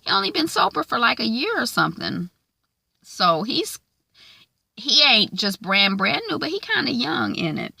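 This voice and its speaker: A woman casually recapping a TV episode in a chatty, slangy way, full of likes and ums and quick acted-out lines. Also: on the high side, creaky, slightly rough, no room sound. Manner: animated, acts out characters' lines.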